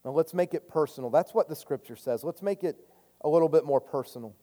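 A man in his thirties preaching a sermon, earnest and confessional, his voice swinging from loud declarations to hushed admissions. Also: on the high side, a little fast. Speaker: pastor. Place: church sanctuary. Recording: long hall reverb.

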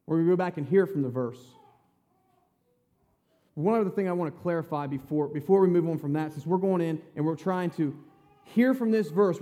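A man's voice: fairly high pitch, dark tone. A man teaching a casual Bible lesson who often checks in with his listeners. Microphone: handheld or stand mic at close range.

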